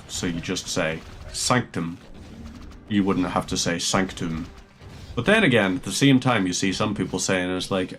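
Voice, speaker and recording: Rambling low-voiced male game streamer. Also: a bit bright. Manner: rambling, chatty, muses aloud while playing. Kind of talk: casual gameplay commentary.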